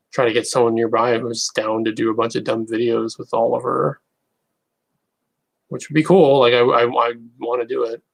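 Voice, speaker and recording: A man's voice: mid-range voice, creaky, rough recording. A man chatting casually to viewers on a live stream, rambling and hesitant with many restarts. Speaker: YouTuber.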